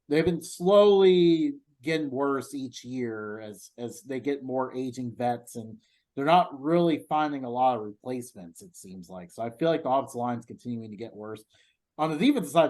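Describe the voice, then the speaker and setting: A young man co-hosting a sports talk show with a middle-pitched, everyday voice. He talks things through carefully, hedging often and pausing on ums as he weighs each point. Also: a little mellow, rough recording. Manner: thoughtful, hedging, many ums. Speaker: sports podcast co-host.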